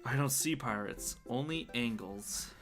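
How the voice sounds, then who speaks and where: A man's voice: medium pitch, unhurried, over music. A man streaming a dating game, reading its text aloud and joking around in playful put-on voices. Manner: playful, jokey, does silly voices.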